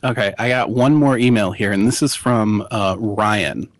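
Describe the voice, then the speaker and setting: A male podcast co-host with a fairly low voice, relaxed and jokey, laughing easily between remarks. He sounds close to the mic, in a dry space with no echo. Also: normal speed. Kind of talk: casual podcast chat.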